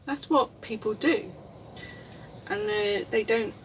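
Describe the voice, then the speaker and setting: A woman's voice: on the high side, slow pace, slight background noise. Rambling woman, distant mic. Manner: rambling, chuckles often, candid. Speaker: vlogger. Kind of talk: reflective casual monologue. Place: inside a camper van.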